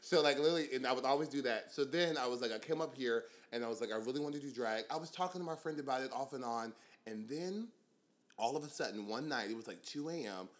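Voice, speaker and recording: A young man and drag queen, guest on a casual podcast, telling animated stories with frequent laughter and casual swearing. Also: mid-range voice, fast.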